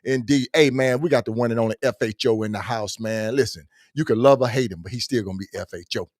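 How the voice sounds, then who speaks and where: Excitable man hosting a podcast, dry sound. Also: mid-range voice, quick pace, no room sound. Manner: excitable, slangy shout-outs to listeners. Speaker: podcast host. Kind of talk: casual live podcast chat.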